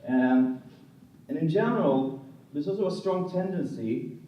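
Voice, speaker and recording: A man moderating an academic symposium discussion, speaking in measured sentences with many filler pauses and checking in with "right?". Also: on the high side, animated, lo-fi sound, a little hiss or hum. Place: lecture room. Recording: distant, very echoey room.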